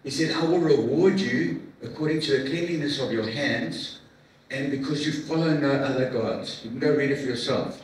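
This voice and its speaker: A middle-aged man giving a heartfelt personal testimony to a men's breakfast, earnest and emotional, halting with repeats and fillers. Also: medium pitch. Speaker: guest speaker at a men's breakfast. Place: large room at a church men's event. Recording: echoey hall from far off with faint noise.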